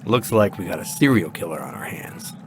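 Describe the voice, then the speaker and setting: An actor playing a hard-boiled cop, leaning into tough-guy delivery. His pitch moves widely. Noise is clearly heard behind the voice. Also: animated, brisk. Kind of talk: audio drama acting.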